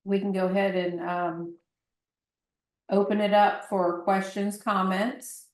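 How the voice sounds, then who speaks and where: A woman's voice: medium pitch, little pitch movement, slow pace, a little mellow. A woman moderating a webinar, reading audience comments aloud and inviting questions. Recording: roomy and distant.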